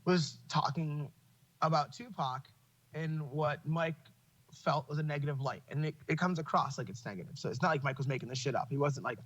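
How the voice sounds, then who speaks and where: A man's voice: fairly high pitch, brisk, a bit bright, highs cut off. A man hosting a podcast in casual chat, swearing freely and laughing as he tells stories. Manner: profane, opinionated, laughs while telling stories. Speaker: podcast host.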